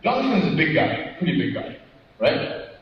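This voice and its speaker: Here a very animated man with a voice on the high side talks at normal speed, over a little hiss or hum. His interactive motivational talk in a large conference hall is full of audience questions, tagged-on "right?"s, and anecdotes acted out with quoted dialogue. The sound is dull and echoey, as if captured from a distance.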